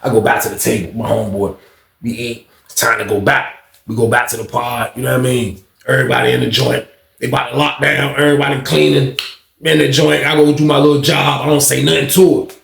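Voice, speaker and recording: A man's voice: mid-range voice, fairly even intonation, a little fast, creaky, fairly bright tone, slight background noise. Laid-back young man telling a story. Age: young adult. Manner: laid-back, slangy, repeats himself. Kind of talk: casual storytelling. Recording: roomy echo.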